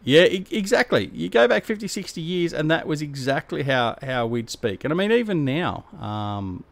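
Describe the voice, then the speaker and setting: A man's voice: fairly high pitch, big pitch swings, normal speed, creaky, dry recording. A middle-aged Australian man chatting casually on a game live stream, rambling and slangy as he answers his viewers. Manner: laid-back, rambling, slangy.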